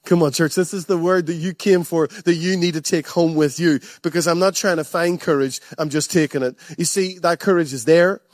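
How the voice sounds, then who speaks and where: A man's voice: on the high side, fairly even intonation, brisk, hardly any pauses, no room sound, clean studio sound. A man preaching a passionate sermon to a church, repeating phrases and chuckling often. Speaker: pastor.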